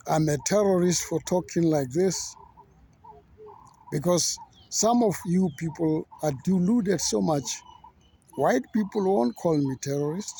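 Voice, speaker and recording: A man who preaches as a pastor, giving an outspoken, measured monologue in a gravelly voice. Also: high voice, dark tone, slight background noise. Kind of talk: reflective monologue.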